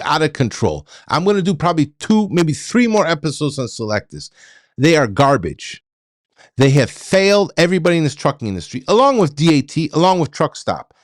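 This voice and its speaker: A man's voice: on the high side, no room sound, clean studio sound. A middle-aged man hosting a trucking show, ranting bluntly at viewers and often stammering and repeating himself. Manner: blunt, repetitive, stammering restarts.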